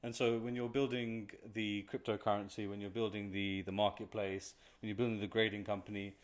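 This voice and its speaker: A man's voice: on the low side, little pitch movement, fairly quick. A man hosting a podcast, asking questions and murmuring agreement as he listens. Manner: attentive, frequent murmured agreement. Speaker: podcast host. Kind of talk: interviewing.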